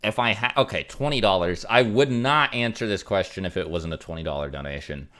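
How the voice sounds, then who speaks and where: Low-voiced rambling male streamer. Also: animated, a little fast, bright, forceful tone. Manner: rambling, many fillers, reads out donations. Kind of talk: casual livestream chat.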